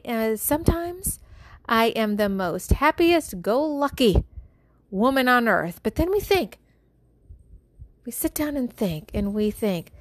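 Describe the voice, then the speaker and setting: A woman's voice: a little high, sing-song, slow pace, dry recording. A mother and wife speaking frankly to her listeners in a candid monologue, blunt and swearing freely. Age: adult with children. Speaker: mother and wife hosting a show.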